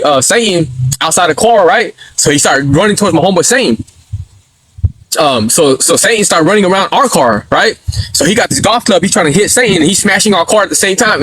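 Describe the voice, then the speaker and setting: A man telling a rowdy story on his livestream in casual slang, swearing freely and acting out the shouts and voices of the people in it. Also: high voice. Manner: animated, acts out quotes with yelps and laughs. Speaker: livestream host.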